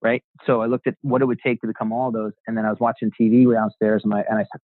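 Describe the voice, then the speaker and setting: A real estate agent appears as a guest in a casual interview, telling his story while imitating the voices of people he quotes and swearing freely. His voice sits on the low side, with a level tone and a quick pace. The recording is dry and tinny, like a phone line, with no room sound.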